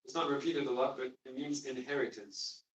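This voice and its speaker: This classroom lesson features a man teaching the Quran, stressing his explanations and quizzing the students. His voice is medium-pitched and level, a little fast, and the room echoes around a distant microphone.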